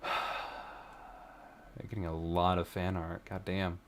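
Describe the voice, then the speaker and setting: A man talks slowly in a fairly low voice while reacting to videos. His asides are loose and casual, full of curses and sighs, and he is openly moved. There is faint noise behind him. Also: little pitch movement, fairly bright tone. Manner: swears often and sighs between remarks; emotional and easily moved.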